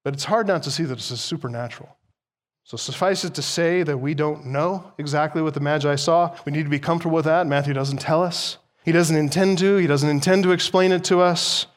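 Guy preaching a sermon, kinda high voice, gets loud and animated to make a point. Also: brisk. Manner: animated preaching, pitch and volume rising for emphasis. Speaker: pastor.

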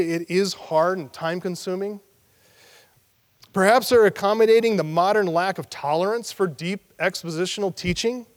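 High-voiced man preaching a sermon. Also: in a large hall. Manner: emphatic, repeats key phrases. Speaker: pastor.

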